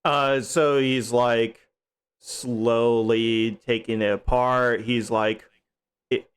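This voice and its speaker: A man with a smooth, clear voice speaking slowly on a movie podcast. He chats casually and adds short remarks between his co-host's stories. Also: medium pitch, level tone. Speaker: podcast co-host.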